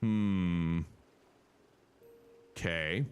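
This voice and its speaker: A man's voice: low-pitched, steady tone, extremely slow, clean tone. A male streamer giving chatty, casual commentary while playing a game and thinking aloud.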